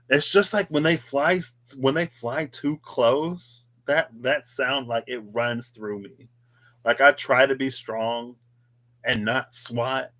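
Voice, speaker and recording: A man's voice: medium pitch, takes it slowly, fairly bright tone. A man hosting a tarot reading video, musing aloud in a casual, rambling way with chatty asides. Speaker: tarot reader, channel host. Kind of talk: casual reflective monologue.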